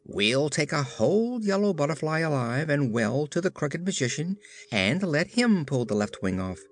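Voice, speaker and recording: A man's voice: a little high, sing-song, normal speed, voice pushed up. A man voicing a blunt, carefree patchwork girl with no heart in a storybook reading, talking in a flippant, brash way. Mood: eager.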